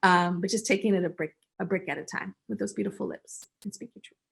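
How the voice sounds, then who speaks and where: A woman from the United States as the guest in a casual interview over a video call, talking in an animated way and breaking into little acted-out voices. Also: medium pitch, fast talker, vocal fry, slightly rough.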